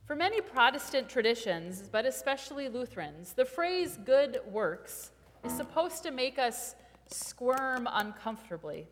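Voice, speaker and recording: A woman pastor giving a sermon, measured and emphatic with deliberate pauses. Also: high voice, sing-song, soft background music. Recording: long hall reverb.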